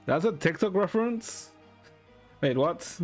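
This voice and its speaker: Male streamer, deadpan and rambling, slightly high voice. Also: unhurried, husky, faint music behind. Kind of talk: casual chat with viewers.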